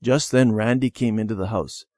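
A man narrating a children's storybook in a gentle, expressive manner. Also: on the low side, moderate pace, dry recording.

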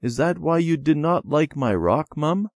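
A man's voice: a little high, lively intonation, measured pace, darkish tone, no echo, pitched above the performer's own voice. A man voicing a defiant young boy in a storybook lesson.

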